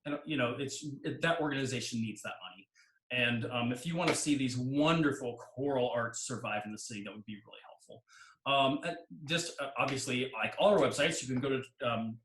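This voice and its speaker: A man's voice: medium pitch, fairly quick, fairly bright tone. A man speaking as a guest choir director on a video call, chatty, with self-deprecating humor. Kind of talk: casual interview chat. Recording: roomy video-call audio.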